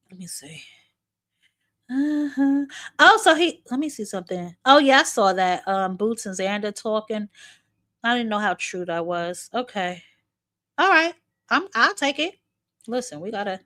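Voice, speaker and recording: A woman's voice: mid-range voice, a bit bright. A woman hosting a casual boxing chat, blunt and talkative, calling out to viewers and swearing offhand, a bit short of breath. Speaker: boxing commentary host.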